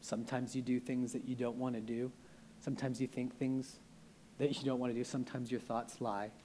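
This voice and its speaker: A man's voice: medium pitch, flat delivery, a little fast, mellow, slight background noise. A young man preaching a sermon in an earnest, conversational way, often restarting his sentences.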